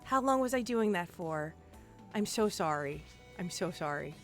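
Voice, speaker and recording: A young woman who lived in Puerto Rico, telling rambling, profane stories on a casual game live stream and getting worked up and loud. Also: on the low side, animated, measured pace, faint music behind.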